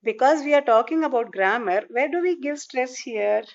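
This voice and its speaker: A woman teacher walks her class through a grammar lesson with a high voice. She asks questions and then answers them herself, and she leans on each example sentence. The recording is dull and lo-fi. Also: lively intonation, normal speed. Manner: patient explaining, rhetorical questions, stresses example sentences. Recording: dull lo-fi sound.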